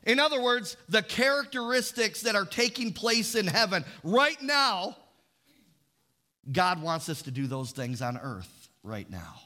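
A man with a high, bright voice preaching a sermon. He reads scripture slowly and leads the congregation in call-and-response. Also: very animated. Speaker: pastor.

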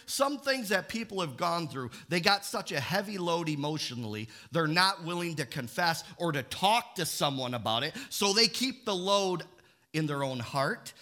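Emphatic high-voiced male preacher. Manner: emphatic, call-and-response preaching with rising shouts. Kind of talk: sermon. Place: church.

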